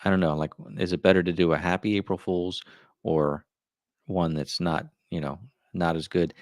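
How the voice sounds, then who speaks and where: A man's voice: low voice, steady tone, normal speed, dry recording, studio quality. A middle-aged man hosting a livestream, chatting casually and rambling through his thoughts with plenty of asides. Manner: rambling, musing aloud with many asides. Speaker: livestream host. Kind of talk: casual live chat.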